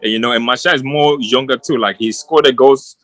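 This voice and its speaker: A man's voice: mid-range voice, fairly even intonation, fairly quick, a bit bright, no echo, soft background music. A man co-hosting a casual football chat, rambling and restarting his sentences as he passionately argues his opinions. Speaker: football podcast co-host. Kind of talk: casual post-match chat.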